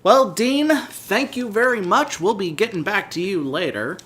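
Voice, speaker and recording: Bright-voiced man hosting a game playthrough. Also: high voice, animated, measured pace. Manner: laughs easily, hesitant fillers. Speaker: let's play host. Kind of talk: playful mock-interview commentary.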